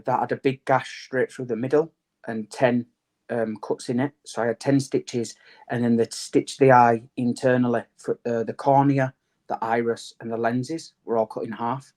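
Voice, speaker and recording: Matter-of-fact man, flat delivery. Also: medium pitch. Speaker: podcast guest. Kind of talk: interview answers.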